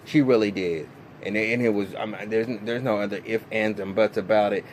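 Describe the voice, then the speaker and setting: A man, recapping a TV episode in a casual, animated, profane way full of fillers and restarts. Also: on the low side, a little fast, slight background noise. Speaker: TV recap vlogger.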